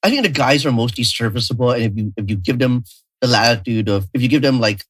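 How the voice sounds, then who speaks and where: A man chatting casually on a podcast with a dry, joking wit, often tripping over his words before landing a point. His voice is mid-pitched and sits close to a dry mic. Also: lively intonation, quick pace, slightly rough, dry recording, low-quality recording. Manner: wry, joking, stumbling restarts. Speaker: podcast co-host. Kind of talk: casual chat.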